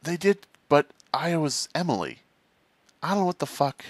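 A man doing casual let's-play commentary in an animated, jokey way, thinking aloud as he plays. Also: fairly high pitch, normal speed, slight background noise. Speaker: gaming commentator.

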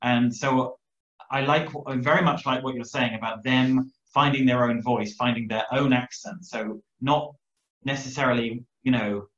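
A man's voice: mid-range voice, steady tone, normal speed, fairly bright tone, reverberant, muffled recording. A man hosting an online interview, asking questions with hedging, word-searching phrasing. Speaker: interviewer and event host. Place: South America.

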